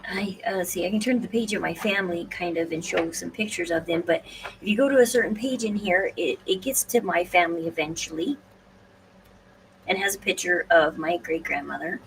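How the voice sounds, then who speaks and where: A woman's voice: lowish voice, a little fast, creaky. A woman hosting a casual solo livestream, talking in a rambling, hesitant way with frequent restarts. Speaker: podcast host. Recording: distant mic, faint room noise.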